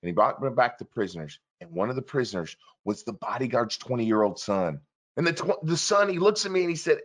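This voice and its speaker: In an interview, a man tells a story earnestly and urgently at a slightly fast pace. He animatedly acts out the dialogue of the people involved, with big shifts in pitch and loudness.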